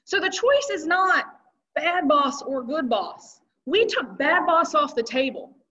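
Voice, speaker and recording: A woman's voice: high-pitched, very animated, measured pace, bright, forceful tone, distant mic. A woman giving a conversational motivational talk to a live audience, with rhetorical questions and emphatic delivery. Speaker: keynote speaker. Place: event hall with audience. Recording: dull lo-fi recording.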